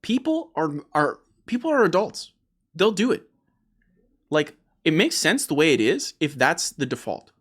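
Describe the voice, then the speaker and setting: A man hosting an opinionated gaming discussion, emphatic and animated, often repeating words as he starts a point. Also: on the high side, a little slow, slightly rough. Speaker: host.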